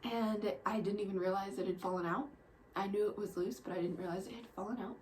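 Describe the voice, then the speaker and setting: A young woman telling personal stories in a vlog, soft-spoken and halting, often dropping to near a whisper, emotional. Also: mid-range voice, fairly even intonation, a little hiss or hum, low-quality recording. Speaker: vlogger.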